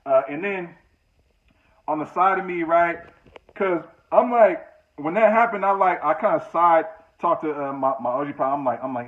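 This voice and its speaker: A man's voice: fairly high pitch, normal speed. A man casually telling a personal story, conversational and full of restarts. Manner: conversational, many fillers and restarts. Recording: tinny phone-like audio.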